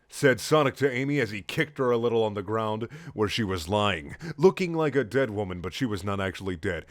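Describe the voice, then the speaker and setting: A man reading a story aloud in a sarcastic, deadpan way, with mocking asides. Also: on the low side, normal speed, no room sound, clean studio sound. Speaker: comedic reader.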